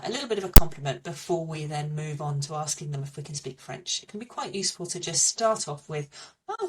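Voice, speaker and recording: A woman teaching beginner French, slowly repeating each phrase with care. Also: on the low side, far from the mic. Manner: slow, careful repetition of phrases. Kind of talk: beginner language lesson.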